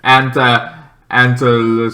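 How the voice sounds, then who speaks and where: Here a man talks through TV episodes alone in a loose, rambling style full of fillers, occasionally shouting shrill character impressions. He speaks very slowly, with little movement in pitch.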